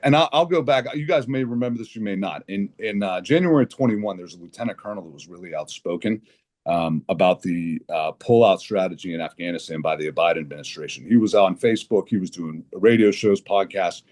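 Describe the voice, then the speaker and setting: A man guesting on a podcast, telling an animated, indignant story with blunt language and frequent restarts. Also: low voice, brisk. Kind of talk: conversational podcast interview.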